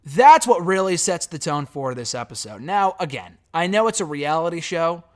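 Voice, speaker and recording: A man's voice: on the high side, lively intonation, moderate pace. Blunt, profane man reviewing. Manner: blunt, sarcastic, swears freely. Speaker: wrestling show reviewer. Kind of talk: casual spoken review.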